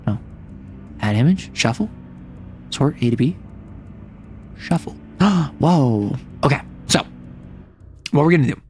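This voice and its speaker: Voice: medium pitch, animated, slow pace, pauses often, darkish tone, slight background noise. A young adult livestreamer chatting casually at home, rambling with fillers and self-corrections. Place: home room with roommates nearby.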